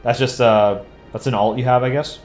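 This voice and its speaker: A laid-back young man talks casually on a live drawing stream, his voice sitting at an ordinary middle pitch. He rambles easily between remarks to his chat and his work. Faint music plays quietly behind him. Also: normal speed. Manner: relaxed, chatty, answers chat while drawing.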